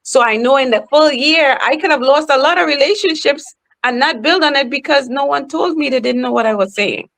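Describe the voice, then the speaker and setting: A woman with a Trinidadian accent, a guest on a podcast, talking slowly and emphatically in a casual interview. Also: high-pitched, vocal fry. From Trinidad and Tobago. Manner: animated, emphatic, talks slowly. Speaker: podcast guest, professional speaker.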